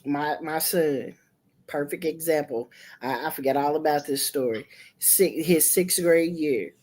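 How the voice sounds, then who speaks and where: A middle-aged woman with a lowish voice hosts a casual livestream chat. She tells stories in an animated, profane way, jumping between narration and quoted voices. She talks into a home streaming mic. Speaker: livestream host. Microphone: streaming setup mic.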